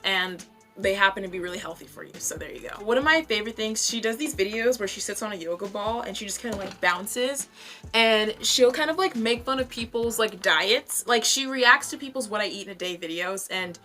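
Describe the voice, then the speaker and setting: Bright-voiced young woman roasting creators. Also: medium pitch, expressive, normal speed, soft background music. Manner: blunt, profane, chatty with many fillers. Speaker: vlogger reviewing other creators. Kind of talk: casual roast commentary.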